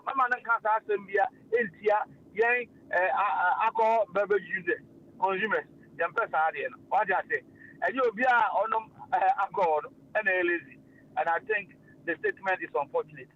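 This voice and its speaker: A man hosting casual radio talk, animated and full of fillers. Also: high-pitched, brisk, a little hiss or hum. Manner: animated, mixing languages, frequent fillers and laughs. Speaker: radio host. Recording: lo-fi radio stream.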